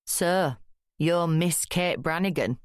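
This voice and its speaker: Woman doing a gruff Yorkshire detective. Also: on the low side, slow pace, no echo, clean studio sound. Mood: mocking. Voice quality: blunt, scathing, leering. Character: burly gruff male drug squad detective.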